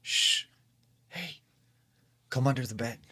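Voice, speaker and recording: A man's voice: mid-range voice, animated, slow pace, bright, forceful tone, slightly rough, voice pushed up, full character voice. A man voicing an unseen man who whispers and coaxes from under a bed. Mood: coaxing. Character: disembodied man's voice coaxing from under a bed.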